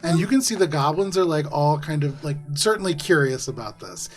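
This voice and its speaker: A man's voice: on the high side, fairly quick, soft background music. A man running a live tabletop game as dungeon master, narrating in a loose, laughing style full of fillers. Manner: lively, laughing, many fillers like "like".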